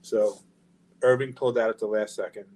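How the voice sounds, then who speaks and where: A man's voice: on the low side, a little fast, slight background noise, low-quality recording. A middle-aged man, a podcast guest telling a long story in a casual, profane way and acting out the quoted lines. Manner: profane, animated anecdote-telling with quoted dialogue. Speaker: guest, record label founder.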